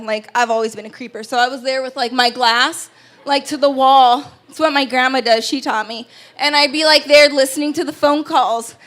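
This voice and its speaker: A woman with a high, light voice speaks to an audience from a stage. She tells a personal story in an earnest, emotional way and often stumbles and restarts her sentences. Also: fairly bright tone. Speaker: keynote speaker. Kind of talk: personal testimony speech. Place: event stage before an audience.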